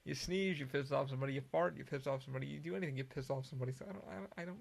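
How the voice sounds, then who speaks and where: A gravelly-voiced man rambles through a solo podcast, hopping from one thought to the next and swearing freely. His voice sits a little high for a man, and he stumbles and restarts his sentences as he goes. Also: fast talker. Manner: profane, rambling, restarts often. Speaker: podcast host.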